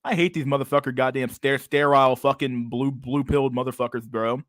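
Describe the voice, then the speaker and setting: A young man rants over a video he is reacting to, crude and mocking, stumbling into constant restarts. His voice sits mid-pitch and is recorded dry and close, with no room sound. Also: fairly even intonation, brisk, a bit bright, dry recording. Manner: crude, mocking, rambling with many restarts and "bro". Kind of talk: casual profane reaction commentary.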